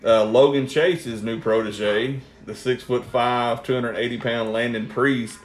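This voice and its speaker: A man's voice: medium pitch, fairly even intonation, a little slow, faint music behind. A man telling rambling, profane stories with lots of laughter on a casual podcast. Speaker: guest storyteller. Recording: roomy echo.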